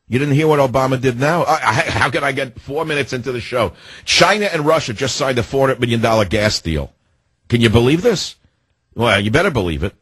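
Talk radio host, man, older, low husky voice, mocking and ranting. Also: dry recording. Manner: sarcastic, mocking, ranting with nicknames and sudden pitch jumps. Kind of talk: political talk radio monologue.

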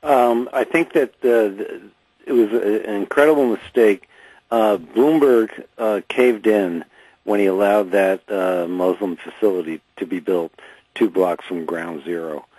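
A man calling into a radio show, speaking haltingly with many hesitations. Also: fairly low pitch, husky, no room sound, poor audio. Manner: halting, many fillers, then steady argument. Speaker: radio caller. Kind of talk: earnest call-in opinion.

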